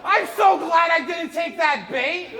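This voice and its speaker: A Canadian man in his thirties performs stand-up into a handheld mic, animated and profane, often bursting into shouts. His voice sits high for a man. It rings around a big echoey theater under heavy audience laughter. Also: measured pace, a crowd in the background. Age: 30s. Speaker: stand-up comedian. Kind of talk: live stand-up comedy with crowd work. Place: large theater stage, live audience.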